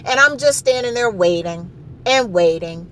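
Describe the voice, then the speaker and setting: A woman's voice: mid-range voice, normal speed, a little hiss or hum, poor audio. Exasperated woman telling a story. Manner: animated, exasperated retelling with repeated phrases. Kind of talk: casual storytelling.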